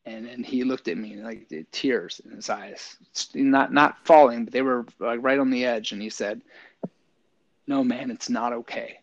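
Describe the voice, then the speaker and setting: With hardly any pauses, a middle-aged man at a moderate pace and medium pitch recounts stories casually in an interview, acting out what others said and saying "like" a lot. He's an army veteran who teaches yoga, and he's a lively storyteller. There's no room sound, and the high frequencies are cut off.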